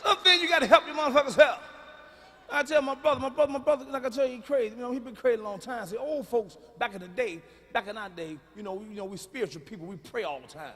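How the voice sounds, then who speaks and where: A man performing a stand-up comedy set, talking in a loud, profane way with hollering bursts. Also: extremely high pitch, fast, husky. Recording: live hall reverb with faint room noise.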